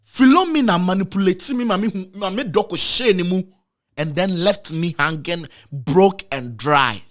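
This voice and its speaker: Emotional high-voiced Ghanaian man. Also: animated, normal speed, a bit bright. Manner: emotional, repetitive, with dramatic pitch swings. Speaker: guest telling a personal story. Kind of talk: emotional storytelling, switching between Twi and English.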